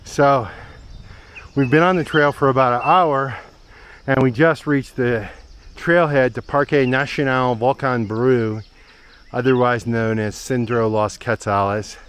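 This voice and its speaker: On a mountain trail, a man hosting a travel vlog narrates casually to the camera, enthusiastic about what he sees. He keeps a measured pace and fairly even intonation in a medium-pitched, fairly bright voice, with slight background noise.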